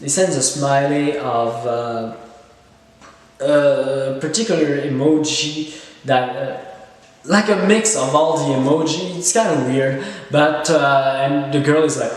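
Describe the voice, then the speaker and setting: A man's voice: medium pitch, takes it slowly. A man giving a casual, rambling, sarcastic film review with many fillers and hesitations. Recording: echoey room with long reverb.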